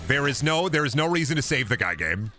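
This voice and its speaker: A hoarse man streaming a game, chatting casually in a rambling, profane way that keeps restarting. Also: mid-range voice, sing-song, quick pace, bright, forceful tone, a little hiss or hum. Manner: rambling, profane, self-interrupting. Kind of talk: casual gameplay chat.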